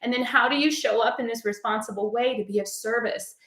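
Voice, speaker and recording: A woman's voice: a little high, fairly quick, fairly bright tone. A woman giving a heartfelt spiritual message in a casual, earnest way, peppered with "like". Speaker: spiritual coach. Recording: echoey room.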